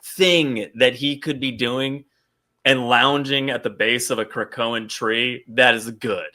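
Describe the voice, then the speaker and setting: A man co-hosting a casual comic book podcast, animated and laughing often as he acts out scenes. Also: mid-range voice, slow. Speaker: podcast co-host.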